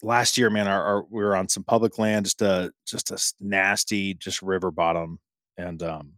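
A man from Central Ohio hosting a podcast, telling stories in an animated way and laughing often. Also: low-pitched, moderate pace, no echo, studio quality. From Central Ohio, USA. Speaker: podcast host. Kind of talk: casual chat, storytelling.

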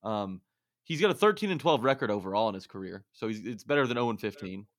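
A man's voice: lowish voice, lively intonation, fast, no room sound, clean studio sound. A man co-hosting a casual sports podcast, laying out stats and analysis with frequent restarts. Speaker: podcast co-host.

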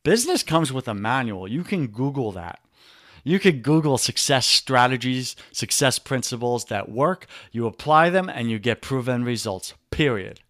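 A man's voice: medium pitch, expressive, normal speed, fairly bright tone, no room sound, studio quality. A man with a New York accent, a guest on a podcast interview, coaching listeners in an emphatic, preachy way and calling them brother.

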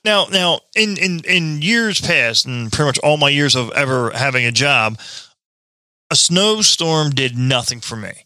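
A man's voice: fairly high pitch, expressive, measured pace, pushed and bright, dry recording. A man co-hosting a podcast in casual chat, rambling with a lot of swearing. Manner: rambling, profane banter. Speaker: podcast co-host.

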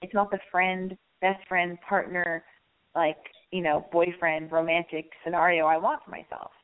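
Hoarse and raspy from losing her voice, this call-in advice show host speaks at normal speed with a low-sitting voice and level tone. The audio is narrow and tinny. She's casual and candid, drifting from point to point and cursing without hesitation.

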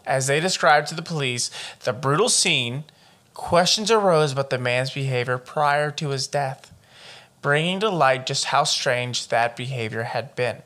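A man's voice: medium pitch, a little slow, pushed and bright. A man co-hosting a podcast, reading out a true-crime case in casual chat with profane, joking asides. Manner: profane and joking, wanders off into riffs. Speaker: podcast co-host.

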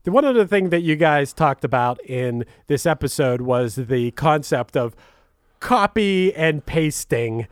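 A man's voice: on the high side, animated, a little slow, smooth, dry recording, clean studio sound. A man co-hosting a podcast, chatting eagerly about music and laughing often. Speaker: podcast co-host. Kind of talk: casual podcast chat.

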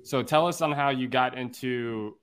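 Man co-host with a smooth voice. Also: medium pitch, moderate pace. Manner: relaxed, short affirmations, rambling questions. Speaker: podcast co-host. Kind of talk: casual podcast interview.

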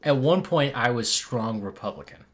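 A man's voice: medium pitch, animated, moderate pace. A man co-hosting a podcast in casual chat, wry, blunt and opinionated. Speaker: podcast co-host.

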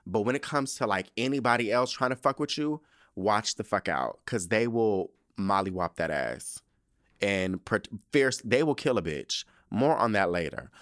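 A man hosting a casual solo podcast, recapping a TV episode in an animated, profane, slang-filled way with dramatic asides. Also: lowish voice, normal speed, no echo, studio quality.

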